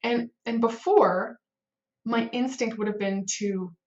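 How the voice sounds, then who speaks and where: A woman's voice: a little high, slow pace, lo-fi sound. A woman who runs a web team, giving casual advice to camera in a rambling style, full of fillers and acted-out moments of inner panic. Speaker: head of a web development team.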